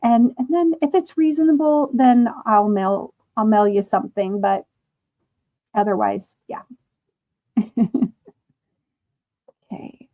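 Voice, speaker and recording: A woman's voice: on the high side, fairly even intonation, dark tone. A woman hosting a casual crochet livestream, reading out chat comments and laughing often while she crochets. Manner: slow, chatty, laughs often. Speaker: livestream host.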